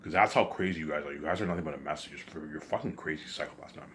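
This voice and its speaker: A man's voice: very deep voice, quick pace, fairly bright tone, a little hiss or hum. A man delivering an agitated, repetitive, accusing rant straight to camera. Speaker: vlogger. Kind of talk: ranting monologue to camera.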